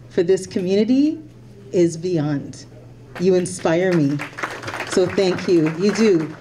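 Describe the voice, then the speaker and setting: Against slight background noise, a Canadian-born MP thanks volunteers at an event in a heartfelt, slightly emotional speech, expressing her gratitude over and over. Her lowish voice is mellow and animated, and she takes it slowly.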